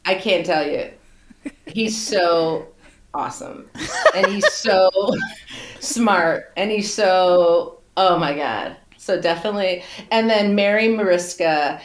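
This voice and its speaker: A woman's voice: fairly low pitch, slow, noisy background. A middle-aged woman guest on a casual podcast interview, telling stories with lots of laughter, exclamations and quoted voices. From United States. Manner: animated storyteller, laughs often, breaks into exclamations and quoted voices.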